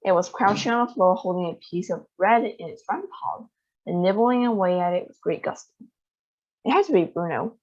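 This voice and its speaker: A woman reading a children's novel aloud in an expressive storytelling manner. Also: fairly low pitch, moderate pace. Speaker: storybook reader. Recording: dull lo-fi sound.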